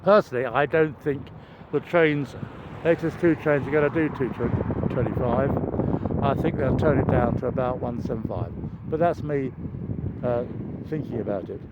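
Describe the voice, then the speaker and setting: An older man vlogging on an outdoor walk, chatty and meandering, with bursts of excitement. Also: medium pitch, moderate pace. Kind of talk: rambling walking vlog. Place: outdoors near a railway. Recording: dull lo-fi outdoor recording with traffic noise.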